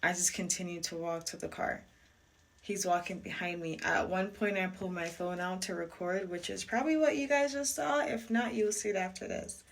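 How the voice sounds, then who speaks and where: A woman's voice: lowish voice, normal speed, creaky. A young woman telling a story on her vlog in a chatty, emphatic and sassy way. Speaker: vlogger.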